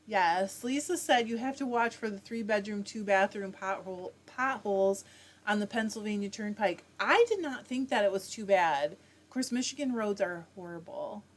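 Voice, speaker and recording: At a moderate pace and medium pitch, a woman reads her viewers' chat messages aloud and answers them casually. The setting is her home, hosting a fiber arts livestream.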